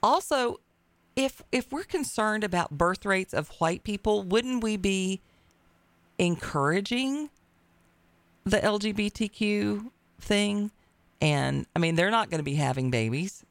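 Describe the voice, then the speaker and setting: A woman's voice: medium pitch, expressive, measured pace, no echo. A woman hosting a talk radio show who speaks in a blunt, emphatic, wry way. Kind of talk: opinionated talk radio chat.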